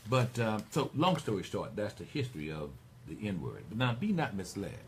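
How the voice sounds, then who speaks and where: A man's voice: on the low side, moderate pace, a little hiss or hum. A middle-aged man hosting a talk radio show, rambling and digressing as he speaks to his listeners. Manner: rambling, digressive, animated storyteller.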